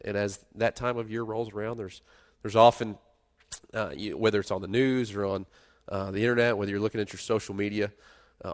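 Man preaching with loud-soft swings. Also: fairly low pitch. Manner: conversational preaching, swinging between loud emphasis and quiet asides. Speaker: pastor. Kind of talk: sermon.

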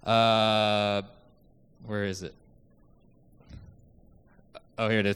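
A man's voice: fairly low pitch, level tone, very slow, long pauses, fairly bright tone, clear, resonant tone, long reverb tail. Earnest young man telling a mission story. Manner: earnest, emotional storytelling with many fillers. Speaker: church mission trip speaker. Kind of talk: testimony in a church service.

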